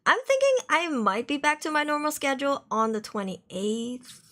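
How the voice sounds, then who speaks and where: A woman's voice: high voice, very animated, normal speed, a bit bright. A woman streaming live, chatting casually and rambling to her viewers. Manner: chatty, rambling, reacts to chat with mock outrage.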